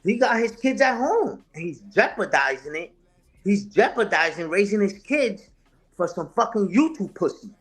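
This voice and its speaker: High, animated man. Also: normal speed. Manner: confrontational, profane, repeats phrases for emphasis. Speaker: interview guest, online content creator. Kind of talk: heated unscripted talk, answering a live chat.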